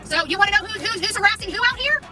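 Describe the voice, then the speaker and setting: A woman's voice: very high-pitched, lively intonation, rapid-fire, recorded from a distance, loud music behind the voice. A woman live-streaming from her car, heatedly confronting and taunting someone, with a repetitive, combative way of talking. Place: in a car in traffic.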